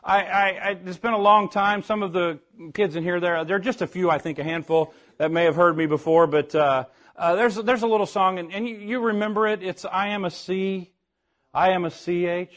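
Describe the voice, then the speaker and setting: A man's voice: high voice, steady tone, moderate pace, a bit bright. An older man preaching in a playful, folksy way, often restarting his words and sometimes singing a spelled-out song. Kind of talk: playful sermon with sung spelling songs.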